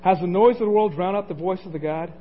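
High-voiced man preaching a sermon. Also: quick pace. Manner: conversational, asks the congregation questions, chuckles. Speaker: pastor. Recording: dull lo-fi recording, faint noise.

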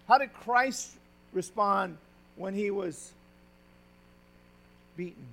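Male preacher, high-pitched, punchy delivery with sudden hushed asides to the flock. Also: slow pace, creaky, pauses often. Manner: emphatic, swings from loud exhortation to quiet confiding; says "friends" and asks the congregation questions. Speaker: pastor. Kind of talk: sermon.

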